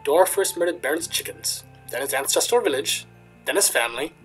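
A man voicing an eccentric old male stargazer with a loose attempted Russian accent and a slow, solemn storytelling delivery, reading game dialogue aloud. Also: a little high, animated, fairly bright tone, soft background music, low-quality recording.

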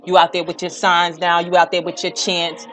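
A young woman speaks in a fairly low voice. She rants bluntly with plenty of profanity and keeps pushing her points harder. Faint music plays behind her. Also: little pitch movement, normal speed, a bit bright. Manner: blunt, profane, rising to heated outbursts. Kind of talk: impassioned direct-to-camera rant.

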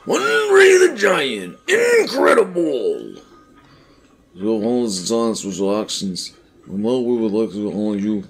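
A man putting on a big, booming voice for a giant wrestler spirit in a video game. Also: wildly swooping pitch, slow, faint music behind, full character voice. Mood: grand.

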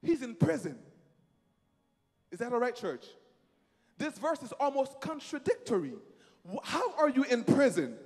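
Male preacher, lively swooping delivery, call-and-response sermon, echoing hall. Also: very high-pitched, unhurried, pauses often, slightly rough. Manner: emphatic, repeats phrases, leads the congregation in call-and-response.

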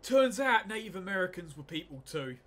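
A man trades mocking jokes while playing a game with friends. His voice is bright and forceful and sits a little high. A faint hiss runs under the recording. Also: very animated, a little fast. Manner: sarcastic, mocking. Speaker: game commentator. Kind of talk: casual let's play banter.

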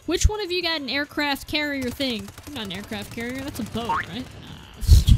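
Excitable high-voiced woman gaming. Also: moderate pace, heavy background noise. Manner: excitable, exclaiming and apologizing a lot; self-deprecating joking. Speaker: gaming video creator. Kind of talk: live gameplay commentary. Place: at home, seated at a gaming desk. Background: game music and gunfire.

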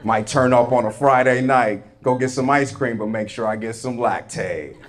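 A man's voice: medium pitch, normal speed. A young man performing a stand-up comedy set in a club, telling a story and acting out both sides of the conversation. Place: comedy club stage before a live audience. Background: audience laughter.

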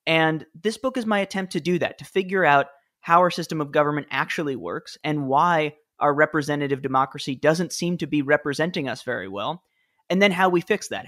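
A man's voice: on the high side, a bit bright. Chatty man telling stories in an interview. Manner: chatty, with fillers and laughs. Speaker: podcast guest, former speechwriter. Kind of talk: casual interview storytelling.

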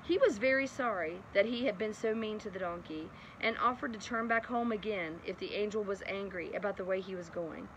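In a muffled recording with outdoor traffic behind her, a woman tells a bedtime Bible story at medium pitch. She talks briskly with few pauses, keeping it chatty and sprinkling in laughing asides.

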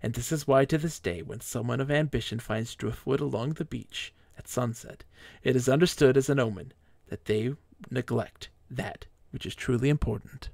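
A male streamer who reads with theatrical, mock-grand flair and then slips into casual chat. His voice carries a gravelly edge. The sound is dry and close on a desk microphone. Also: medium pitch, moderate pace, darkish tone, dry recording.

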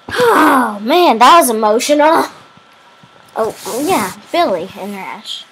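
A young woman reacting out loud to a game cutscene as a gaming video host, with emotional, expressive exclamations. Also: fairly high pitch, slow pace, a little hiss or hum, low-quality recording. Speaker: gaming YouTuber.

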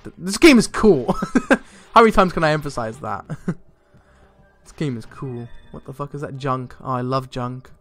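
Excitable young man gaming, swearing freely. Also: mid-range voice, moderate pace. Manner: excitable, swears a lot, laughs often. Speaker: let's play gamer. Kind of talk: casual gameplay commentary. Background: faint game music.

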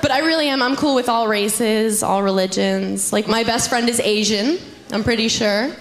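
A young adult woman performs a stand-up comedy set on a comedy club stage, speaking at normal speed. She's chatty and teases the crowd, breaking into sudden high squeals in some bits, while loud audience noise fills the background.

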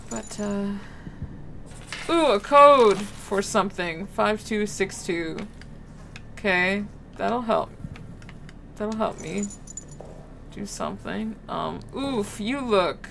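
Slow, playful woman gamer. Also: medium pitch, creaky, fairly bright tone, slight background noise. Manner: playful, chats to game objects and creatures. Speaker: gaming streamer. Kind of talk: horror gameplay commentary.

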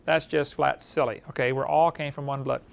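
A man lecturing to a live audience at a creation seminar, animated and throwing rhetorical questions at the room. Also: mid-range voice, fairly quick, gravelly, clear, resonant tone.

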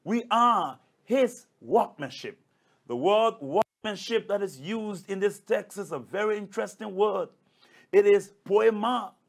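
A man's voice: high voice, animated, unhurried, fairly bright tone. A male pastor preaching a sermon, emphatic and repetitive, addressing listeners as brothers and sisters. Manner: emphatic, repeats key phrases.

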